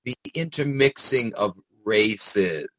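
A man's voice: fairly low pitch, lively intonation, slow pace, fairly bright tone, no room sound, poor audio. A man hosting a commentary show, delivering an indignant, profane ranting monologue full of "uh" fillers.

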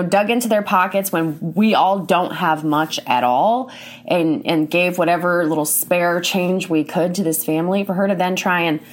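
Indignant woman ranting on her show. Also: fairly low pitch. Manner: indignant, blunt, swears often. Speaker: commentary show host. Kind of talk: casual ranting commentary.

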